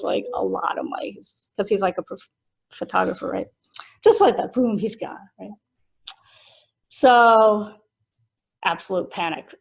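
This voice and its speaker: Middle-aged nun teaching, chatty and laughing, slight vocal fry. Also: female voice, mid-range voice, poor audio. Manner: chatty, laughs often while telling a story. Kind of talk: casual teaching with a personal story.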